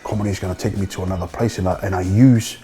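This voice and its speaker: A man's voice: deep voice, rapid-fire. A middle-aged man with a New Zealand accent, a comedian telling his story in an interview in a loose, rambling way. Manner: relaxed, rambling, swears freely. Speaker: stand-up comedian, men's housing manager.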